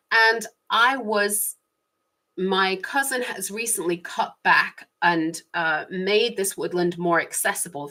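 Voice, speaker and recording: Bright-voiced woman musing aloud. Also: on the low side. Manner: chatty, frequent small laughs, shifting pace. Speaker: vlogger. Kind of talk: casual reflective monologue.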